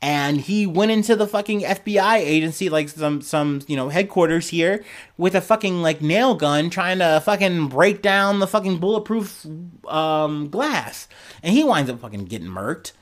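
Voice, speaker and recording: A man's voice: a little high, expressive, normal speed. A young man hosting a podcast, giving casual, profane, sarcastic news commentary and often laughing. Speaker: podcast host.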